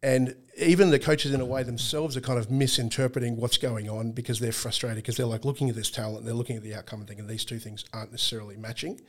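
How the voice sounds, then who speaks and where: A man's voice: medium pitch, steady tone, fast talker, hardly any pauses. Talkative man analysing football. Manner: talkative, restarts sentences, dry humor. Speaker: guest analyst on team performance. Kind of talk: casual podcast chat.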